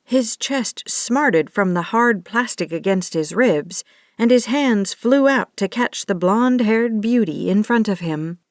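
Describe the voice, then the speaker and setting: A woman reads an audiobook romance at a slow, measured pace. Her voice is even and steady. The recording is close and dry, with no room sound. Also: medium pitch, no echo. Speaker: audiobook narrator. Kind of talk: scripted narration.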